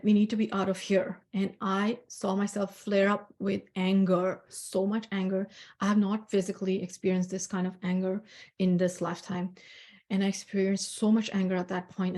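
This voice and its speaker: A woman, a spiritual healer, telling a personal dream story in an earnest, reflective way with soft hesitations. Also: mid-range voice.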